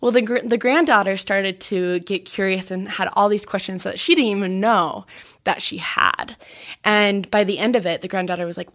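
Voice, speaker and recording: A woman's voice: medium pitch, normal speed, a bit bright. Chatty woman podcaster. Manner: chatty, uses fillers like "like", laughs at herself. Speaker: podcast host and audio biographer. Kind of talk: casual conversational interview.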